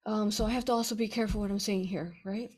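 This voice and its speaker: A woman author talks casually to her followers in a medium-pitched voice. She rambles with many fillers and restarts. Her delivery swings from excited bursts to hushed, earnest asides. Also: quick pace, slightly rough. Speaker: author answering reader questions. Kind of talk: casual livestream chat.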